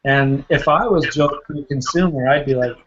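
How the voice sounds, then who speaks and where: A man's voice: mid-range voice, normal speed, dull audio, background noise. A man coaching real estate agents in a casual question session, talking in a chatty way, repeating words and telling anecdotes. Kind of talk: casual Q&A with a listener.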